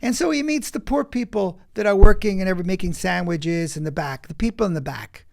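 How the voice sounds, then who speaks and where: A man with a slightly high voice coaching through stories on a podcast. He talks in emphatic, quick bursts and often restarts a thought mid-sentence. His delivery stays animated and forceful. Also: creaky. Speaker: acting coach, podcast guest. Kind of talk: animated interview storytelling.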